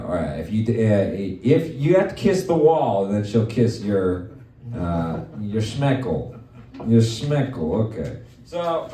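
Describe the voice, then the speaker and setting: A man hosting a live comedy show, rambling and joking through quick asides with his guests. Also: mid-range voice, a little mellow, reverberant, distant mic. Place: comedy venue with live audience.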